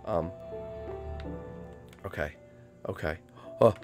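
Giovane uomo che commenta un videogioco, voce ruvida e molto mobile, musica leggera di sottofondo. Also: male voice, medium pitch, moderate pace, vocal fry, faint music behind. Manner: swings from hushed muttering to panicked shrieking; repeats phrases over and over. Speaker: gameplay commentator. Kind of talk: excited game commentary.

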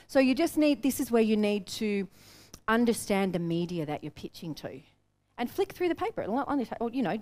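An Australian woman teaching a room of business owners, brisk and plain-spoken. She drives her points home with quick anecdotes and direct advice. Her voice sits at an ordinary middle pitch. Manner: energetic, direct, storytelling. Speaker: business coach. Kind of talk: workshop teaching. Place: seminar room with an audience.

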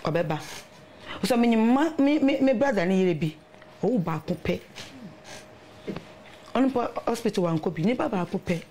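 A woman's voice: medium pitch, normal speed, long pauses, slight background noise. A middle-aged woman with a Ghanaian accent, sharing her testimony as a guest in a casual conversation. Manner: animated storytelling with laughter.

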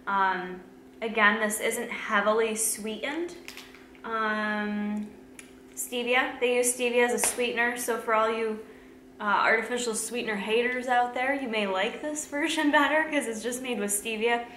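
A woman fitness vlogger chatting casually through a snack taste test, laughing often and filling pauses with "like" and "um". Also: fairly high pitch, fairly even intonation, fairly bright tone. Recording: echoey room, faint background hum.

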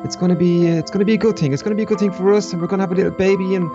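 Rapid-talking eager young man. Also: high-pitched, fairly even intonation, muffled recording. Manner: rapid, repetitive, eager chatter. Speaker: roleplay co-host. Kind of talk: casual game roleplay. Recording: background music under voice.

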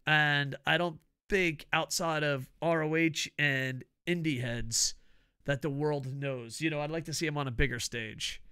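A man's voice: on the high side, fairly even intonation, a little slow, sharp tone, clear, resonant tone, no room sound, studio quality. A middle-aged man, hosting a casual wrestling review and rambling through profane, laughing stories. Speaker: podcast host.

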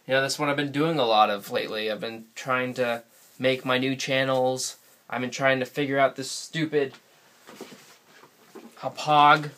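Bright-voiced rambling New guy. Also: mid-range voice, slight background noise. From New England, USA. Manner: rambling, chatty, laughs often. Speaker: vlogger. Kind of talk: casual solo vlog. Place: sitting alone in front of a camera. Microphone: camera mic.

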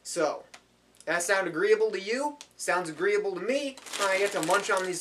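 A man improvising goofy parody ads in a rambling, deadpan way, correcting himself as he goes. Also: sits high, normal speed, far from the mic, slight background noise. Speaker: video creator.

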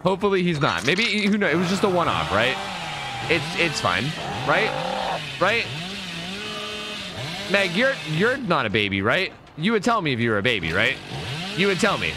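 Here the streamer's voice is fairly high and his pace moderate, with background noise present. The young man keeps up his animated, joking commentary on his gameplay, talking to the players he sees on screen.

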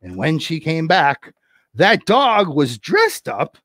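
A playful man chatting his way through a livestreamed puppet show, humming and singing little asides as he works. His voice rises and falls in a lively way, and the sound is close and dry with little room echo. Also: on the high side, takes it slowly. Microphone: camera on a desk.

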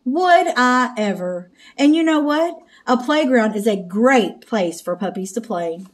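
A woman's voice: fairly high pitch, expressive, unhurried. A woman reading a storybook aloud and voicing a worried older woman in an earnest, fretful way. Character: worried old woman neighbor.

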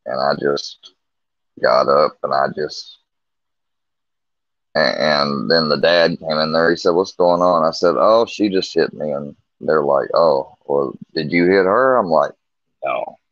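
A man's voice: very deep voice, measured pace, fairly bright tone, no room sound. A man casually telling a long personal story about his marriage, rambling and candid, full of restarts and quoted back-and-forth. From Missouri. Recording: dull lo-fi stream audio.

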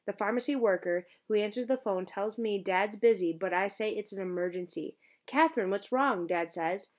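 A woman's voice: mid-range voice, fairly even intonation, normal speed, darkish tone. A woman reading a first-person novel aloud in an earnest, emotionally engaged way. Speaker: audiobook narrator.

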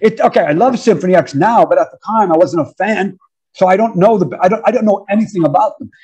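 A husky-voiced man in his fifties with a New York accent tells stories in a relaxed interview. His voice sits fairly high for a man, and he acts out counts and quoted lines, often dropping "man" into his sentences. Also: fast, highs cut off. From United States. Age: 50s. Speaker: guest musician. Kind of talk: casual interview storytelling.

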